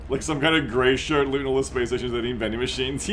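A man streams a strategy game, reading his chat aloud and spinning crude jokes out of it. His voice is bright and forceful, at a mid pitch. Faint music plays underneath. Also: fairly even intonation, fast. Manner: joking, profane, riffing on chat messages. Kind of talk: casual gameplay commentary.

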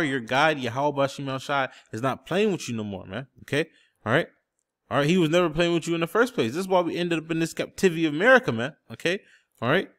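A man's voice: fairly high pitch, fairly bright tone. Emphatic male scripture preacher. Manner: emphatic, repeats "okay?" and "man" constantly; looks up word definitions on screen while talking. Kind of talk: street-style scripture teaching.

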